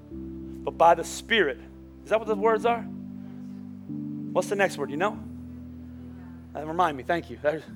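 High-voiced man preaching a lively sermon. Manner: animated, shifting from quiet storytelling to shouting. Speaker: pastor. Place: church sanctuary.

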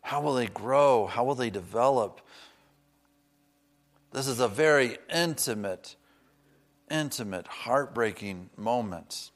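A man preaching a sermon, earnest and personal, slowing down to stress key words and dropping in chatty asides. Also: mid-range voice, animated.

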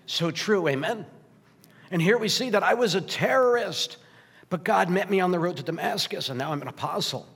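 A man's voice: high voice, moderate pace, a bit bright, breathy edge. A man preaching a sermon in a conversational style, asking "right?" often and growing emotional at points. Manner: emotional, gets choked up and laughs. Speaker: pastor. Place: church sanctuary. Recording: long hall reverb.

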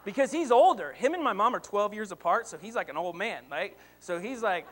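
A high-pitched male preacher in his thirties delivers a sermon full of family anecdotes. He tells his stories with animated energy and lively swings in volume. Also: brisk. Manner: animated storytelling, rising to excited shouts. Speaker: pastor.

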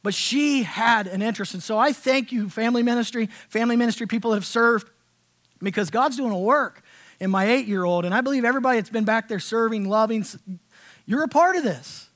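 A man pastor preaching a conversational sermon in a church, dropping to hushed tones and rising to loud, emphatic passages. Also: very high-pitched, fairly quick. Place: church sanctuary.

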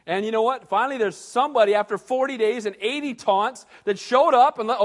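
A pastor preaching a sermon, reading scripture and acting out the voices of biblical characters with rising intensity. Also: male voice, very high-pitched, fairly quick, hardly any pauses, in a large hall.

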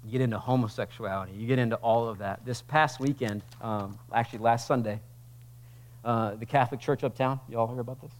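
Male pastor, mid-pitched voice, talky sermon delivery that climbs into loud, slowed passages. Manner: conversational preaching that swells into loud, slow emphatic passages. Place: church sanctuary.

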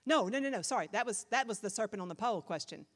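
A woman pastor preaching a sermon, dramatic and fervent, dropping to a hush and rising to loud cries as she quotes scripture. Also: mid-range voice, expressive, fast, big-room sound.

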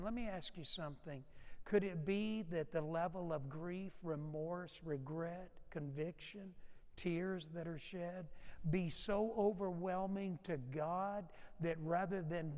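High-voiced man preaching in a reverberant hall. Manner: swings from loud urgent preaching to low hushed asides. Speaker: pastor. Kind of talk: sermon. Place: church sanctuary.

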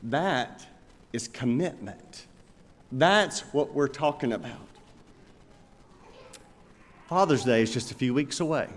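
A man's voice: medium pitch, expressive. Preaching man in a ringing hall. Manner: storytelling, emphatic, with slow pointed phrases. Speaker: pastor. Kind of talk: sermon. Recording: long reverb of a large hall.

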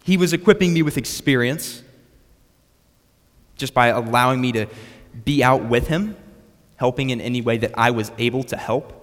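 Man, young adult, sermon, storytelling, mid pitch, reverberant church hall. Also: moderate pace, pauses often, a bit bright. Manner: storytelling, repeats words when restarting. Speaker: preacher.

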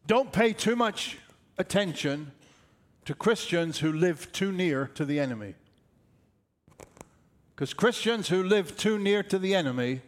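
An older man preaching a sermon, emphatic and repeating his key phrases. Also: high-pitched. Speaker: pastor.

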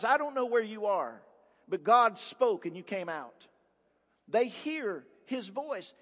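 A man's voice: high-pitched, lively intonation, normal speed. A man preaching a sermon as pastor, emphatic, firing rhetorical questions and repeating words for force. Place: church sanctuary. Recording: long reverb of a large church hall.

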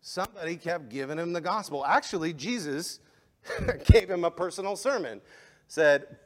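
A man preaching a sermon as pastor, impassioned, rising to emphatic peaks and then dropping quiet. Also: a little high, animated, moderate pace. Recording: long hall reverb.

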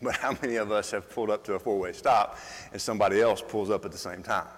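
A man preaching a sermon as pastor, asking the congregation questions and building from quiet reflection to emphatic delivery, with frequent restarts. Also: lowish voice, quick pace. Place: church hall. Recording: long reverb of a church hall.

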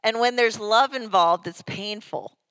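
A woman pastor delivering a sermon, telling the story in a conversational, animated way. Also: a little high, a little slow, no echo.

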